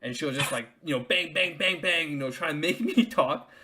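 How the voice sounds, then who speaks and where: A man's voice: on the high side, normal speed, bright, forceful tone. A man hosting a podcast, talking casually as a new father, rambling with many fillers and restarts.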